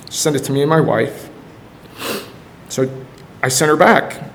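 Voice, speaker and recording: A man's voice: on the high side, measured pace, fairly bright tone, a little hiss or hum. Earnest middle-aged man giving church testimony. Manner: earnest, storytelling, acts out quotes with rising energy. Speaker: high school football coach and ministry leader.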